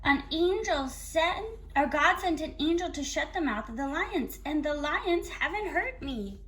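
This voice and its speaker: A woman voicing a faithful young man in a children's Bible story, gentle and earnest. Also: sits high, lively intonation, a little slow.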